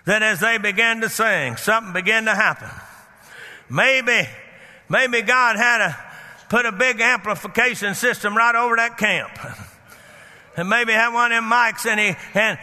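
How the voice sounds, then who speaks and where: A man preaching a sermon as pastor, fervent and building up to shouts. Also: high voice, measured pace, long reverb tail.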